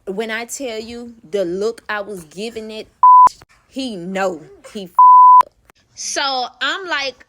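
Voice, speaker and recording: A young adult woman telling a personal story in casual storytime style, animated and profane, talking straight to the listener. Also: a little high, very noisy.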